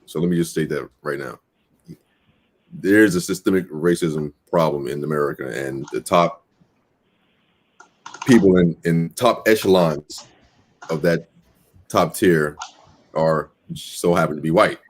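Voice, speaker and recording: A man on a debate panel, deliberately breaking down his point. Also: rumbling low, slight background noise. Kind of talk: casual debate.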